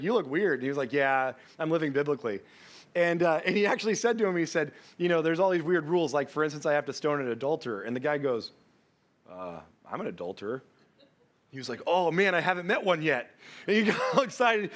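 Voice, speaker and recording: A man's voice: high-pitched, a bit bright. A man preaching a sermon as pastor, telling a story with humor and acting out the people in it. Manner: storytelling with humor, acts out quoted voices.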